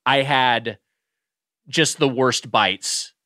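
A man co-hosting a podcast, chatting casually about fast food with lots of restarts and emphatic complaints. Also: mid-range voice, bright, forceful tone, no room sound, clean studio sound. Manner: rambling, restarts often, emphatic. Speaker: podcast co-host. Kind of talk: casual comedic food review chat.

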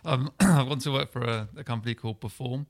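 A man's voice: medium pitch, quick pace. A man speaking as a podcast guest, hesitant and full of fillers. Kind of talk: casual chat.

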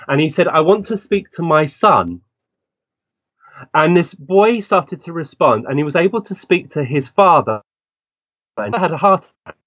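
A man, a guest on an interview, telling animated stories and acting out the voices of people in them. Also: a little high, dry recording. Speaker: guest medium. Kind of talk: interview storytelling. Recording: dull, dry lo-fi recording.

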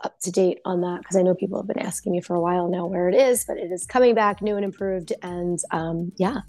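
A woman's voice: fairly low pitch, steady tone, fast talker, mellow, no room sound, faint music behind. A woman psychologist guesting on a podcast, explaining earnestly and emphatically in casual talk, her voice still touched by a recent cold. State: post-cold voice.

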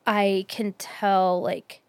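A woman's voice: medium pitch, level tone, drawn-out words, clean tone, dry recording. A woman co-hosting a casual podcast chat with friends, talking in chatty bursts that often restart mid-sentence. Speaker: podcast co-host.

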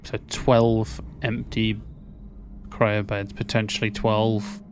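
A man's voice: fairly low pitch, little pitch movement, slow pace, background noise. A man playing a tabletop game, joking and swearing as he plans the next move. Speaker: player.

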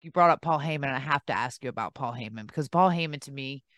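Low-voiced Southern woman host. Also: fast talker. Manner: eager, agreeing, acts out quoted lines. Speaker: interview host. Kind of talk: casual interview chat.

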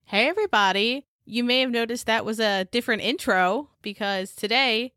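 A woman's voice: a little high, moderate pace, few pauses, bright, forceful tone, no echo, studio quality. A woman co-hosting a casual podcast, playful and joking as she tells stories. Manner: playful, jokey storyteller. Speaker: podcast co-host. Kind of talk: casual chat.

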